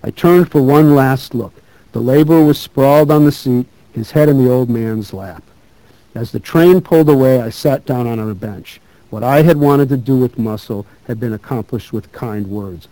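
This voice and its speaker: A man giving a talk who reads a true story aloud in a measured, thoughtful way. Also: medium pitch, mellow, dry recording, low-quality recording. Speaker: speaker.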